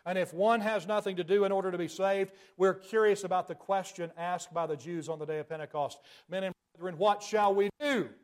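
High-voiced preacher man arguing a point. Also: steady tone, brisk, few pauses. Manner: argumentative, rhetorical questions, bursts of emphasis. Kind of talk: sermon.

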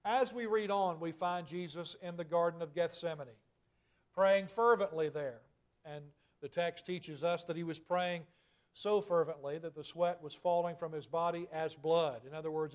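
A man preaching a sermon, reading scripture aloud and explaining it earnestly, growing louder and higher at emphatic moments. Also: steady tone, moderate pace. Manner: rises in pitch and volume at emphatic points.

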